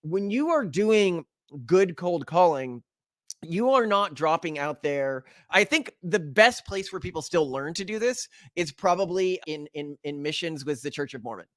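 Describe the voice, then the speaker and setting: A man's voice: on the high side, lively intonation, unhurried, dry recording, clean studio sound. A man hosting an interview podcast, unpacking his guest's points for listeners in an analytical, conversational way. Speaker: podcast host.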